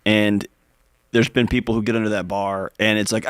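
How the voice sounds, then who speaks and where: A man co-hosting a call-in advice show, animated and lively, acting out quotes. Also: on the low side, normal speed, no echo, clean studio sound. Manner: animated, acts out quotes in voices. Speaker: radio show co-host. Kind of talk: casual advice talk.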